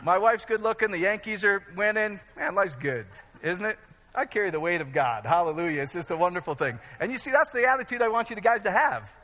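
Speaking fairly quickly in a high, sharp, expressive voice, the middle-aged Iowa preacher jokes his way through a relaxed sermon, repeatedly checking whether the congregation is following. A long reverb fills the hall.

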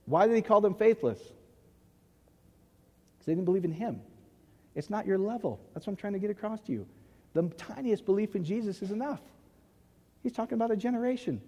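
A man's voice: high-pitched, expressive, moderate pace, long pauses, darkish tone, long reverb tail. A man preaching a sermon in an emphatic way, often checking that the audience agrees. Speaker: pastor.

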